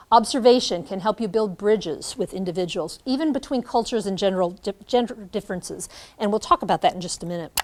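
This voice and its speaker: A middle-aged woman giving a classroom lecture to student teachers, animated, acting out examples as she speaks. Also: medium pitch. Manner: animated, demonstrates by acting out lines. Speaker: teacher educator.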